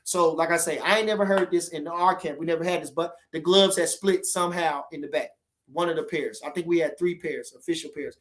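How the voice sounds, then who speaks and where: A man from the boxing world chatting casually with viewers on a livestream, rambling and animated, often checking that listeners understand him. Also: on the high side, brisk. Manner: rambling, animated, keeps asking "you understand?".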